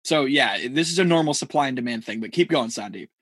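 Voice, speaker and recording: A man's voice: mid-range voice, animated, quick pace, a bit bright, breathy edge, no echo. A man from Connecticut co-hosting a casual podcast, rambling and joking, with casual swearing. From Connecticut, USA. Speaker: podcast co-host. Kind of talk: casual chat.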